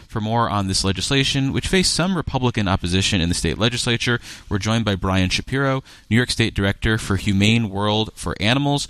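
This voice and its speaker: A man hosting a radio interview show, reading measured introductions and asking questions. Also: lowish voice, a bit bright, dry recording.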